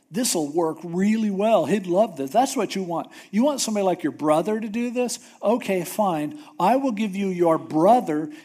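A man's voice: high voice, dark tone, husky, heavily acted. A man voicing God as an impatient, exasperated male figure who scolds sarcastically. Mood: sarcastic.

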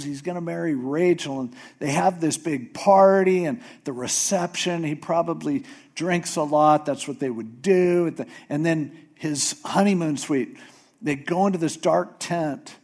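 A man preaching a sermon, retelling a story in a casual, animated way. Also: a little high. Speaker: pastor.

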